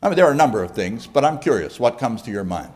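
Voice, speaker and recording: A man preaching a sermon in a conversational way, pausing often and asking the congregation questions. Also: medium pitch, sing-song, darkish tone. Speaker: pastor.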